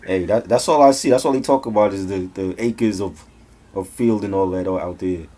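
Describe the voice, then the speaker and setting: A man's voice: deep voice, moderate pace, mellow. A man co-hosting an album review in casual chat, incredulous and joking. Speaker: podcast co-host reviewing an album.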